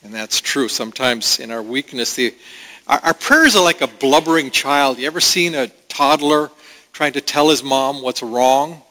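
A man's voice: medium pitch, moderate pace, pushed and bright. Man preaching in a reverberant hall. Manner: earnest preaching with conversational asides. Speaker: pastor. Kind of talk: sermon. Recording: long reverb of a large hall.

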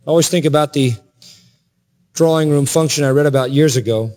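A man preaching a sermon from the pulpit, building passionately to emphatic high peaks. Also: brisk, darkish tone. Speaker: pastor. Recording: long hall reverb with faint music.

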